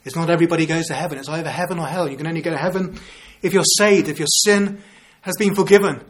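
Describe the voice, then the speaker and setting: Male preacher, 50s, earnest sermon delivery with rhetorical questions, slightly higher voice. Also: fairly even intonation, fast talker, a little hiss or hum. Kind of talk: evangelistic sermon.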